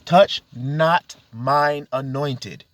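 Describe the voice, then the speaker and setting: Speaking very slowly in a mid-range voice, a self-styled preacher gives an impassioned spiritual monologue from inside a car. He exhorts his listeners, fired up, and fills his talk with rhetorical questions.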